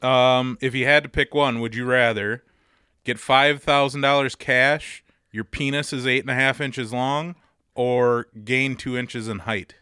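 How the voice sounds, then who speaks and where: A man with a bright, forward voice co-hosting a loose podcast chat. He is crude and laughs often as he reads questions aloud. The sound is dry and close to the mic. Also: medium pitch, steady tone, measured pace, clear, resonant tone, dry recording. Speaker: podcast co-host. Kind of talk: casual chat.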